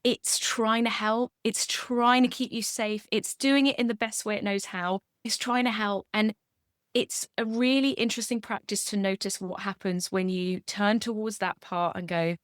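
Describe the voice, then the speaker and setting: A woman speaks as a guest coach in a soft, soothing way, full of gentle reassurance. Her voice sits in a middle pitch. The sound is dry and close. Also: fairly even intonation, normal speed, no room sound. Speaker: sober coach, podcast guest.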